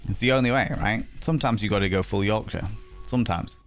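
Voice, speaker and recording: A man's voice: fairly low pitch, quick pace, soft background music. A man chatting playfully and theatrically on a game stream, laughing often. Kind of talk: casual live-stream chat.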